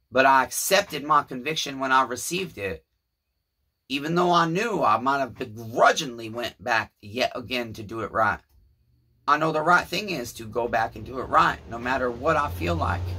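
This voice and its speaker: Man in his 30s, Southern US accent, profane preachy storyteller, forceful, husky, small shed. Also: medium pitch. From Tennessee, US. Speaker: channel host. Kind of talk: rambling storytelling vlog.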